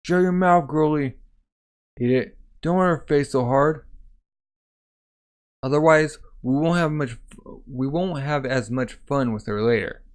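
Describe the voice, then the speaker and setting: A man's voice: mid-range voice, a little slow, lightly acted. A man putting on the voice of a crude, menacing male enemy soldier during a manga read-aloud, sneering and threatening.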